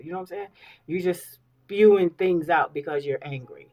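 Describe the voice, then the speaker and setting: Animated woman in her fifties vlogging. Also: lowish voice, normal speed, rough recording. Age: 50s. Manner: animated storyteller, repeats phrases, checks in with listeners. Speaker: beauty vlogger. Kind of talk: casual get-ready-with-me talk.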